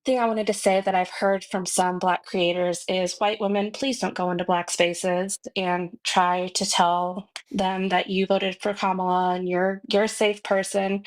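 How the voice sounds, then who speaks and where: A woman's voice: medium pitch, rough recording. Earnest woman caller. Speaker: caller on a live stream. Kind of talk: casual chat.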